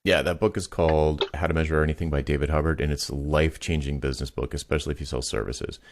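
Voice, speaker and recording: A man's voice: extremely low pitch, steady tone, quick pace, a little hiss or hum. A man hosting a coaching call, explaining confidently and using anecdotes to make his points. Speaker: podcast host and business coach. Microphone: video call.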